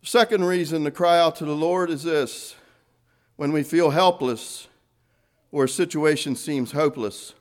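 A man preaching a sermon, earnest, rising to fervent emphasis and then dropping soft. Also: on the high side, unhurried.

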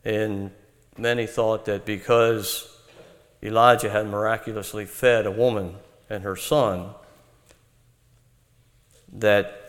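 A man preaching an earnest, measured Bible-teaching sermon. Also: lowish voice, in a large hall.

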